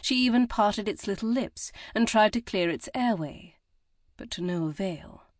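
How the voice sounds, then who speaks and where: A woman reading a historical novel as audiobook narrator in a measured, even way. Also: medium pitch, dry recording, clean studio sound. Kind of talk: scripted narration.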